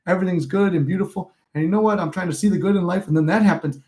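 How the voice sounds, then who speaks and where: A young man in his twenties hosts a casual livestream, speaking very fast in a high-pitched voice with a dark tone. He tells rambling, profane stories and reads viewer comments aloud.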